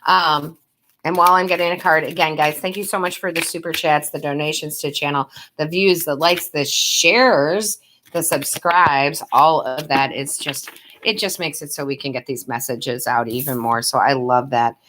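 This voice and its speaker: Low-voiced woman chatting on a tarot live stream. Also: steady tone, moderate pace, a bit bright, slight background noise. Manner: affectionate, calls viewers love and sweetheart; chatty, laughs often. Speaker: tarot reader and medium.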